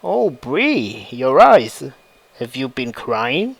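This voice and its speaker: A man's voice: mid-range voice, sing-song, extremely slow, vocal fry, breathy edge, pitched below the performer's own voice, full character voice, rough recording. A man voicing a cocky, taunting young male agent in a plain read-aloud style.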